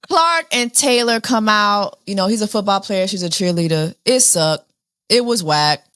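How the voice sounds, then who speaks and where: A woman giving a casual, sassy recap of a reality dating show, jumping between high excited squeals and a low, weary drawl. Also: moderate pace, smooth, dry recording, clean studio sound.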